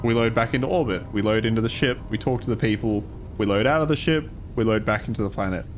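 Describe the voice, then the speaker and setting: A man's voice: lowish voice, fast, slight background noise. Ranting, frustrated male game streamer. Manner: frustrated ranting, swears, trails off. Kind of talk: casual gameplay commentary.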